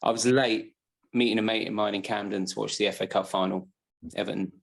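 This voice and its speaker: A man's voice: on the low side, fairly even intonation, brisk, creaky. A man on a casual football podcast, telling a rambling anecdote and correcting himself as he goes. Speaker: podcast co-host.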